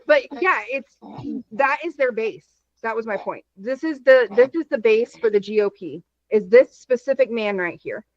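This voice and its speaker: Higher-voiced woman telling stories. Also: lo-fi sound. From Texas. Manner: animated, rapid storytelling. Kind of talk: casual chat.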